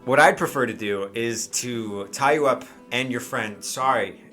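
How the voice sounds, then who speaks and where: Picture a gentlemanly older satyr who hunts pirates, as a man voices him at the table. His manners are polished, but he is blunt and a little sarcastic, and his voice has a bright, forceful ring. He pauses and hedges on a small bed of soft music. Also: mid-range voice. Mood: courteous. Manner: polite, dryly sarcastic, hesitant with fillers.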